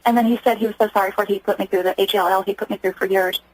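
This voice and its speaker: A woman's voice: medium pitch, fairly even intonation, rapid-fire, poor audio. A woman from Germany, a guest on a radio interview, telling her story earnestly and acting out what others said. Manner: earnest, acts out quoted speech.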